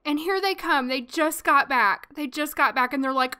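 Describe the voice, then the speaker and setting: A woman with a high, bright voice narrates her life-simulation game play by play. She chats straight to her viewers and reacts to each turn with big, dramatic emotion. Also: normal speed. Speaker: let's play host. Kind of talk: casual gameplay commentary.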